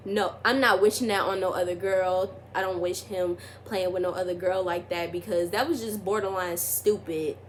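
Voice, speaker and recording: A woman's voice: on the low side, slight background noise. A young woman telling a personal story in a casual vlog, rambling with constant fillers and getting emphatic as she retells arguments. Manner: rambling, heavy use of "like", restarts. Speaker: vlogger.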